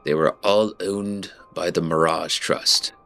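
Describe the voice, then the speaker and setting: A man voicing a gruff female sea captain in a rough pirate-style brogue, reading game dialogue aloud. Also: extremely low pitch, fairly even intonation, moderate pace, a bit bright, faint music behind. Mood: grim.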